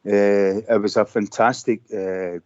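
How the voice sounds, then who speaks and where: A man calling in to a radio show, telling an excited rambling story full of fillers. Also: on the low side, a little slow. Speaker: caller. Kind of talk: phone-in call. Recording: dull lo-fi phone call.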